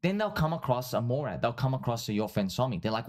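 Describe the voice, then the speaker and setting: A man hosting a livestream, giving rambling casual commentary in an excitable, repetitive way and calling his viewers friends and bro. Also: medium pitch, fast, few pauses. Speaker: livestream host. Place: at home streaming.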